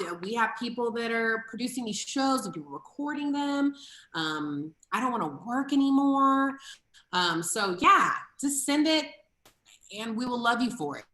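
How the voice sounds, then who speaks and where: Bright, brash woman comedy host in an echoey room. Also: medium pitch. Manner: brash, playful, self-deprecating. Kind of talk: casual comedic banter and show plugs. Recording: roomy echo.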